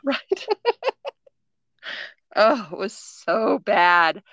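A middle-aged woman tells a story in a relaxed podcast chat, with a bright, forward tone. She is animated and laughs often, and the sound is close and dry with no room around it. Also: medium pitch, drawn-out words, dry recording, muffled recording. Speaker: podcast co-host.

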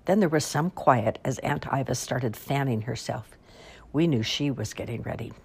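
A woman reading a story aloud in an unhurried storybook narration. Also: rumbling low, husky.

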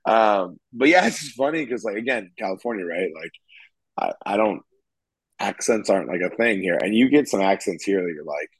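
A man co-hosting a casual chat, animated and quick to laugh. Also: fairly low pitch, husky, no room sound, low-quality recording. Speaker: podcast co-host. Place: California.

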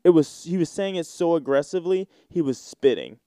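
A young man hosting a casual solo podcast, telling stories in an animated way and slipping into mocking voices. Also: on the high side, fairly quick, few pauses, no room sound, studio quality. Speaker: podcast host.

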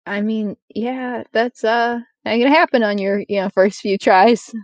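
A woman's voice: on the high side, steady tone, measured pace, no echo. Woman player, casual rambler with a loose mouth, dull dry recording. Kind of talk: casual tabletop game chat.

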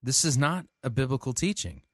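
A man's voice: medium pitch, very animated, a little fast, husky, no echo, studio quality. A man reviewing a sermon, skeptical and challenging, repeating the preacher's phrases back to question them. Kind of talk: critical commentary.

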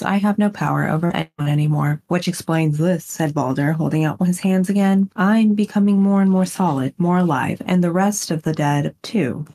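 Low-voiced woman reading a novel aloud. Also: a little mellow. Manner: reads long passages steadily, chats briefly between them. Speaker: podcast co-host. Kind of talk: reading a novel aloud in a book-club chat.

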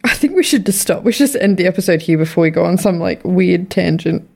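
A woman's voice: on the low side, lively intonation, quick pace, vocal fry, darkish tone. A woman co-hosting a podcast in casual chat, laughing often and swearing freely. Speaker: podcast co-host.

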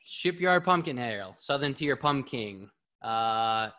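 A man hosting a live podcast, talking in a casual, excitable, rambling way and swearing freely. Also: mid-range voice, slow. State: a bit out of breath. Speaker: podcast host.

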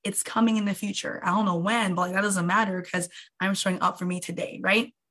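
Young woman coach talking on a live, super animated, jumps way up in pitch when she acts out what people think. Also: fairly quick. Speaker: online coach. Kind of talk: casual motivational livestream talk.

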